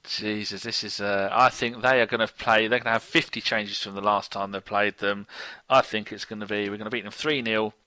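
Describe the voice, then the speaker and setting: A man co-hosting a casual football podcast, his voice bright and forward, heard close and dry. He chats loosely, teasing the others and laughing easily. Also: on the low side, fairly even intonation, a little fast, dry recording. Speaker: podcast co-host. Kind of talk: casual sports podcast banter.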